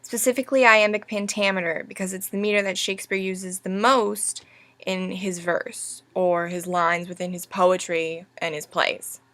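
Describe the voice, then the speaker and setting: A young woman teaching a recorded lesson over slides, speaking slowly and deliberately as she spells out each stress. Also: mid-range voice, steady tone, a bit bright, dry recording.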